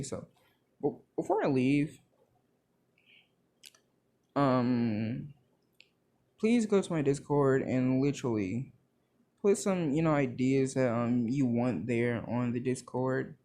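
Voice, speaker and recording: A young man narrates a made-up fan story in a casual, rambling way, leaning on fillers. He talks slowly, with a lively, swinging pitch. His voice sounds soft and dark. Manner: rambling, full of "like" and "you know" fillers. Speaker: video creator.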